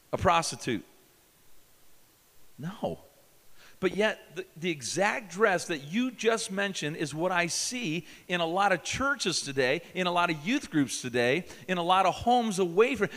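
A man preaching a sermon at a youth camp, emphatic, questioning his listeners and swinging from loud to hushed. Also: fairly high pitch. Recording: long hall reverb.

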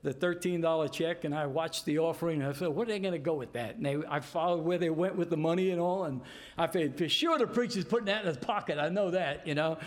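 An older man from New York tells a personal story in a casual, animated way, acting out the voices of the people in it. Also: on the high side, fast talker. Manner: animated, repeats "I said" and acts out voices in his story. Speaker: storyteller giving a testimony.

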